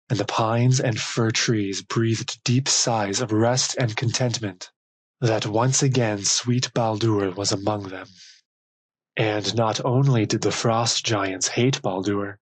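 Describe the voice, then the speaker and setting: A man narrating an audiobook of old legends with slow, measured, deliberate phrasing. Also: lowish voice, no echo, low-quality recording. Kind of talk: scripted storybook narration.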